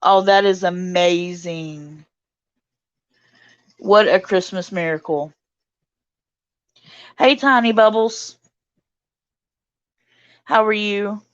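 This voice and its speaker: A woman hosting a casual livestream chat, reading out viewer comments and answering them warmly. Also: mid-range voice, extremely slow, pauses often, smooth, no echo, lo-fi sound. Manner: warm, reads out viewer comments and greets chatters. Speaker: livestream host.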